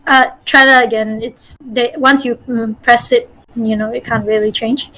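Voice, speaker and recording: A woman's voice: fairly high pitch, little pitch movement, moderate pace, sharp tone, rough recording. A woman from Malaysia, a game master teaching voice acting over a group call, chatty and encouraging. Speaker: game master leading a workshop.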